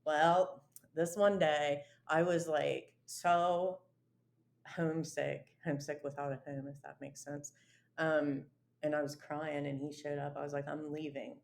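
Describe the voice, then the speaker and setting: A woman's voice: low voice, level tone, unhurried, vocal fry. A woman guest telling her own recovery story in an interview, in a casual, earnest and emotional way, with many fillers and restarts.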